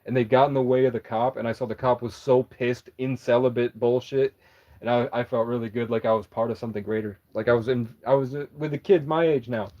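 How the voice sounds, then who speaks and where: A young male vlogger with a medium-pitched, steady voice tells a story quickly and casually. He rambles, swears freely, and keeps jumping back to correct himself. The recording is dull and lo-fi.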